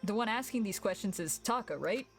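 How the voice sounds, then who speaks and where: A woman streamer reading game dialogue aloud and reacting with loud, swearing outbursts and laughter. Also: medium pitch, animated, brisk, faint music behind.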